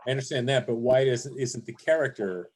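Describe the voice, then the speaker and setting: A man's voice: mid-range voice, fairly quick, darkish tone, slight background noise. A man in a casual group call, asking questions and pressing his point. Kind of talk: casual chat.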